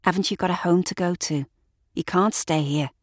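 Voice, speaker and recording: A woman voices a curt, cold young woman, pitching slightly above her own voice but staying close to an everyday sound. The delivery is lowish, moderately paced, curt and clipped. The recording is clean studio sound with no room sound.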